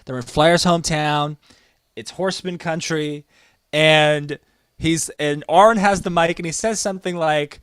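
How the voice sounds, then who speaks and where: A man co-hosts a casual wrestling podcast, telling stories with enthusiasm that keeps building. His voice is smooth and measured in pace, rising in pitch when he gets excited, and the recording is dry.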